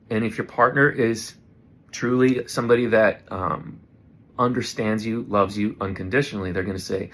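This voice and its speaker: A man's voice: on the low side, fairly even intonation, moderate pace, fairly bright tone. A man giving an earnest, reflective motivational talk straight to camera, talking himself through his points. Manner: earnest, reflective, self-coaching. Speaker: vlogger. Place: indoors in front of a camera.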